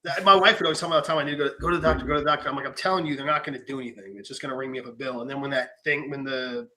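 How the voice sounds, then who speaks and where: A young man in casual podcast chat, telling animated stories, acting out quotes and swearing freely. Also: mid-range voice, very fast. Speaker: podcast host.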